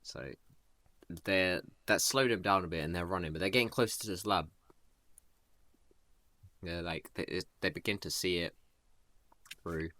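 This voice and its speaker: A man with a very low voice that still comes through bright and forceful spins a loose, rambling story. He talks in a casual, laid-back way, full of "like" and "you know." The sound is dry and close. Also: a little slow, pauses often, no room sound. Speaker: storyteller improvising a tale.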